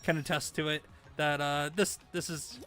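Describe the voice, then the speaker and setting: Bright, high-voiced excitable gaming streamer man. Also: normal speed, soft background music. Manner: excitable, cheers on teammates, repeats words when flustered. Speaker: streamer host. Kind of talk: live gameplay commentary and chat reading.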